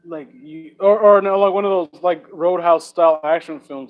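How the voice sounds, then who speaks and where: A man's voice: high voice, steady tone, moderate pace, few pauses, a little hiss or hum, rough recording. A young man reading fan fiction aloud for laughs, with sarcastic, profane asides. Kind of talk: comedic dramatic reading with commentary.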